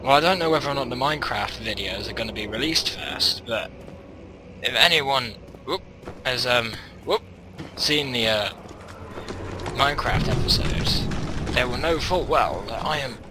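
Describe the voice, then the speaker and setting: Over game music and some background noise, a young man gives let's-play commentary, rambling, mocking himself, and often muttering half to himself. His mid-range voice is expressive and a little slow.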